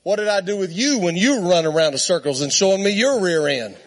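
The voice of God, put on by a man preacher, dry and pointed, delivered a little lower than his usual talk. It is a wry rebuke rather than thunder. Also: lively intonation, fairly quick.

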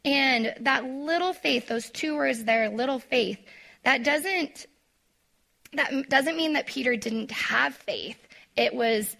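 Chatty woman Bible study leader, bright and a bit gravelly, talks straight to her group. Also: fairly high pitch. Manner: chatty, lots of "like", acts out quotes; talks to the audience directly. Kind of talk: casual devotional teaching.

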